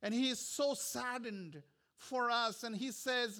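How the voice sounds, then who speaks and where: Male preacher, bright and clear, unhurried, repeats lines for weight, hushes at key points. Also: extremely high pitch, steady tone. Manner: earnest, repetitive preaching with soft, hushed stretches. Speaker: pastor. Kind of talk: sermon.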